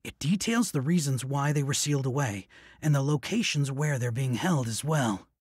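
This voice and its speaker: An actor playing a calm, analytical adult male ninja advisor in a game cutscene, husky and explanatory. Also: mid-range voice, normal speed, no echo, clean studio sound, close to an everyday voice. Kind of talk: video game cutscene dub.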